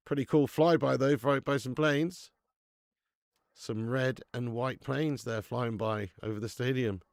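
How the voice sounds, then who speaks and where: A man's voice: medium pitch, a little slow, dry recording, clean studio sound. A man hosting a live football watch-along stream, chatting laddishly with viewers and laughing often. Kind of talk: live stream chat and match commentary.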